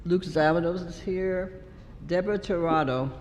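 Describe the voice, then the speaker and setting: A man's voice: sits high, normal speed, big-room sound, muffled recording. A man taking roll call at a community board meeting, plain and polite.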